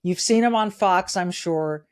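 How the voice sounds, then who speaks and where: A middle-aged Californian woman hosts a conversational podcast interview in a lowish, unhurried voice. She comes across as enthusiastic and direct.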